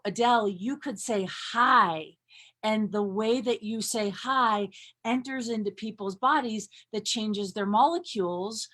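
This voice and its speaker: A woman in her thirties talking casually and with bubbly energy as a workshop leader, with lots of fillers. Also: fairly high pitch. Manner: bubbly, animated, frequent fillers. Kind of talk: casual live-stream talk.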